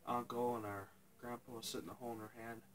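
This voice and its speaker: A young man telling a painful personal story to his viewers, halting and tearful, pausing and restarting as he cries. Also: medium pitch, level tone, fairly bright tone, a little hiss or hum, rough recording. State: crying. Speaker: vlogger. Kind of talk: emotional personal story to camera.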